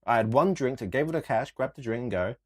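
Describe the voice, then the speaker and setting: A young man, co-hosting a casual podcast and telling stories in an animated, sweary rant. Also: mid-range voice, quick pace. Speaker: podcast co-host. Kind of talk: casual chat.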